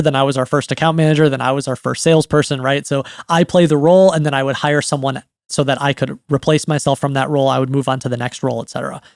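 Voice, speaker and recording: A man's voice: fairly high pitch, gravelly, dry recording, studio quality. A man in his thirties giving a conversational business lesson on writing, often checking in with "right?". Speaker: writing coach. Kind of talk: educational monologue.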